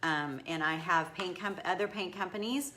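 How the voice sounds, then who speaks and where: A woman's voice: lowish voice, normal speed, pushed and bright, a little hiss or hum. A middle-aged woman, a furniture painter chatting casually on a live stream, rambling as she works and reading viewer comments aloud. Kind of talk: casual live-stream chat while demonstrating a craft.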